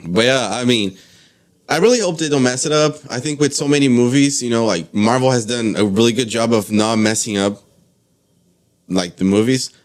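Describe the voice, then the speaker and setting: A man's voice: medium pitch, normal speed. A man co-hosting a podcast in casual chat, hesitant, often repeating words and saying "like". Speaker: podcast co-host.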